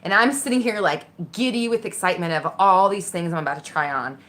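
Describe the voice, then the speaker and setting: A woman telling a personal story casually, candid and animated, swearing freely and acting out the voices in her head. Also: on the low side, brisk. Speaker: vlogger.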